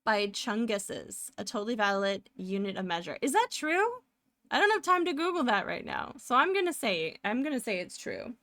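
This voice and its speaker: A woman's voice: fairly high pitch, big pitch swings, moderate pace, fairly bright tone, no echo, clean studio sound. Chatty, rambling woman streamer. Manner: rambling, self-narrating, laughs often, trails off. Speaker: live streamer. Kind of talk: casual chat while drawing live.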